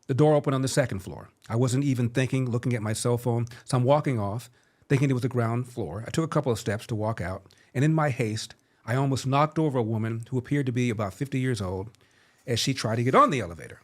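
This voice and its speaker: A man in his seventies hosting a podcast, telling a story and giving political commentary in a sardonic, measured way. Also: medium pitch. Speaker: podcast host.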